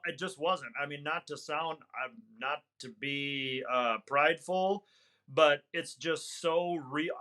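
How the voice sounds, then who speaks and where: A man's voice: on the high side, pushed and bright. A middle-aged man, a hunting guide, telling a story in conversation, earnest and reflective, with some fillers and restarts. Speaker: hunting guide, podcast guest.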